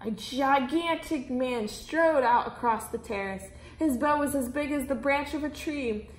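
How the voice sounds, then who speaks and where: A woman reading a children's story aloud, with expressive storytelling. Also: sits high, unhurried. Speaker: reader. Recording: roomy echo.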